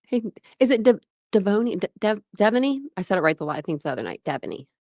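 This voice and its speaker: A woman's voice: medium pitch, sing-song, fast talker, darkish tone, no echo, clean studio sound. A woman hosting a casual livestream from home, chatting loosely, greeting viewers by name and laughing often. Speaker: livestream host.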